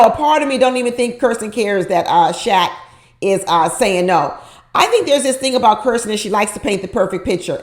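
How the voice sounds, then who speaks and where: A woman giving casual, opinionated commentary on a reality show, repeating her points for emphasis and asking the viewer rhetorical questions. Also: mid-range voice.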